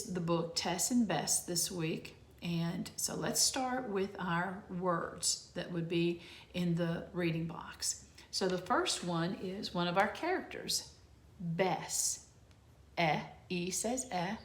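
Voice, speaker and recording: A woman teacher leads a phonics lesson for young children, sounding out each letter with slow, unhurried care. Her voice sits a little low, and the room around her rings with echo. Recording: echoey room.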